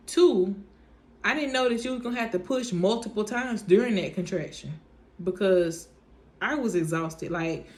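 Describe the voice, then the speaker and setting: Chatty young woman telling a story. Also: mid-range voice. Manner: chatty, animated, speaks in reported dialogue, says "y'all" often. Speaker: vlogger telling her birth story. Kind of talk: casual storytelling to viewers.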